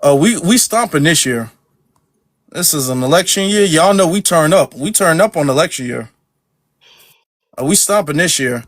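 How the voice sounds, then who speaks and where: A man's voice: a little high, normal speed, long pauses, dry recording, clean studio sound. A man hosting a live podcast, chatting casually, joking and repeating himself for emphasis. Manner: joking, animated and repetitive. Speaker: podcast host. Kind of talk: casual live-stream chat.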